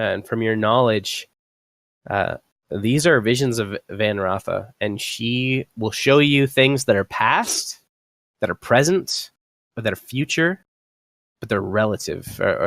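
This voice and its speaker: Low-voiced young man running a tabletop game. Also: gravelly, fairly bright tone, dry recording. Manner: halting, with frequent fillers and restarts. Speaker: dungeon master.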